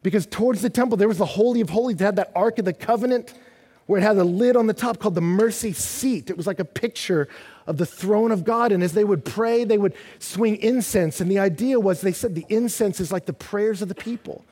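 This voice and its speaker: Husky high-voiced preacher in a reverberant hall. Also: male voice, fairly quick, dark tone. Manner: emphatic, repetitive preaching, acting out the psalmist's prayers. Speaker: pastor. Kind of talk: sermon.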